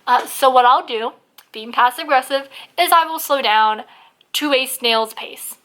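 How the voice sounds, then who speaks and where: A woman's voice: high-pitched, a little slow, fairly bright tone. A woman ranting in a casual vlog, blunt and full of swearing, who says she is losing her voice. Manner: blunt, swears a lot, heavy use of "like". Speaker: vlogger.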